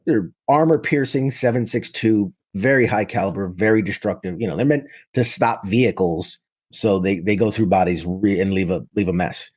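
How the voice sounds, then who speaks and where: A man in his thirties from New York City, a military veteran, tells his story in casual conversation, packing it with vivid detail and often restarting. His voice sits on the low side with a darkish, slightly rough tone, and he speaks at a moderate pace.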